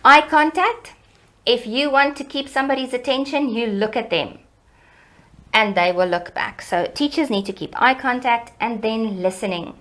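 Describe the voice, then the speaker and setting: A middle-aged woman educator, explaining child development in a lively, teacherly way in an interview. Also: moderate pace. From South Africa. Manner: animated, teacherly, varies pitch and loudness for emphasis.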